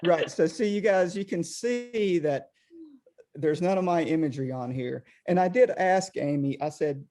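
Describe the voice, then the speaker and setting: A man's voice: on the high side, moderate pace. A middle-aged man, a potter, chatting casually over a video call, rambling with many restarts. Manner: rambling, animated, lots of restarts.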